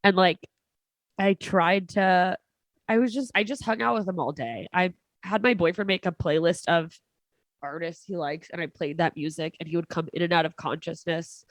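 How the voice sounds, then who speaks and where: Low-voiced woman telling a story. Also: no echo. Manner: halting, many fillers and restarts, laughs between lines. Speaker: comedian guest. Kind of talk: casual personal storytelling.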